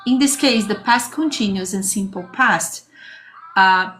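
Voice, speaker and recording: A woman's voice: mid-range voice, a little slow, fairly bright tone, soft background music. A woman teaching an English grammar lesson on a livestream, chatting with viewers and greeting them by name.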